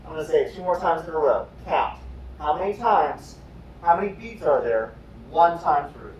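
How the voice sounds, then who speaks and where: A man teaching a remote music lesson, leading students through rhythms in slow, patient call and response. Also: on the high side, lively intonation, lo-fi sound, a little hiss or hum. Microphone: camera set away from him. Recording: echoey room, far from the mic.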